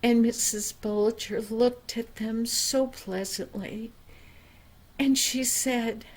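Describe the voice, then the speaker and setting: An older woman telling a children's story in a gentle, unhurried way, dropping to a soft hush on quiet passages. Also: a little high, steady tone. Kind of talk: reading a children's story aloud.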